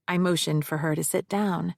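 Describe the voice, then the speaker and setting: A woman narrating a first-person mystery audiobook in a measured, steady storytelling voice. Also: on the low side, gravelly, no room sound, clean studio sound.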